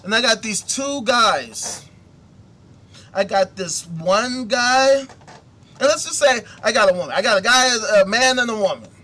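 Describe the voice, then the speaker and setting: A man's voice: high-pitched, animated, a little slow, sharp tone. A man hosting a commentary show, ranting indignantly with profanity and repeated rhetorical questions. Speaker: host. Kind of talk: casual commentary rant.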